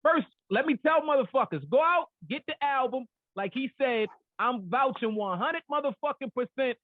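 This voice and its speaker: Hyped, foul-mouthed podcast host, high voice. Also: male voice, animated, moderate pace, no room sound. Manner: hyped, heavy cursing. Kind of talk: casual podcast outro. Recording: tinny phone-like dry audio.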